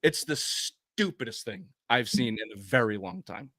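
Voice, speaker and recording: A man's voice: medium pitch, sing-song, normal speed, bright, forceful tone, dry recording, studio quality. A man hosting a sports talk podcast, ranting emphatically and swearing often in casual heated chat.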